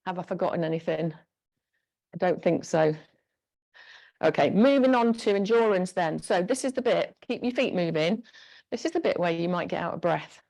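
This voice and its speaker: A woman's voice: on the low side, lively intonation, normal speed, vocal fry, darkish tone. A woman instructor leading a live online exercise class, cueing moves in a chatty, encouraging way on a clip-on mic. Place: home room with a squeaky floor. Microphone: clip-on mic pack.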